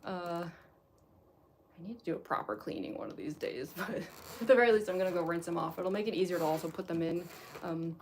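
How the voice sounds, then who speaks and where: Gravelly-voiced young woman rambling casually. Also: on the low side, lively intonation, brisk, a little mellow, a little hiss or hum. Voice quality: lisp from costume teeth. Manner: rambling, many fillers and restarts, chuckles often. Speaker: cosplayer livestream host. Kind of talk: casual chat while getting into costume.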